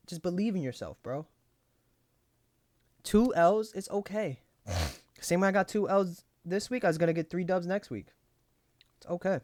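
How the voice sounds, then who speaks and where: A man's voice: a little high, dry recording, clean studio sound. A young man casually reviewing his trades aloud, cursing freely and talking himself through frustration. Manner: profane, frustrated self-talk, pep-talks himself. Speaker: trading journal host.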